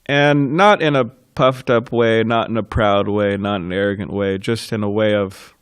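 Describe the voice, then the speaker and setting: A man giving a temple scripture class, telling stories in an informal way and laughing softly between thoughts. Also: lowish voice, fairly even intonation, moderate pace, smooth, no room sound. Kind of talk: reminiscing temple class talk.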